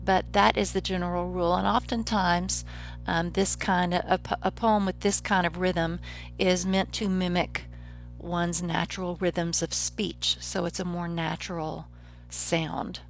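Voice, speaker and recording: Lady professor w a lowish voice walking thru a poem's rhyme and meter, calm and measured, reads lines out slow. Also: gravelly, soft background music. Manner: measured, explanatory, slows down to read poetry lines aloud. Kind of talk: recorded literature lecture.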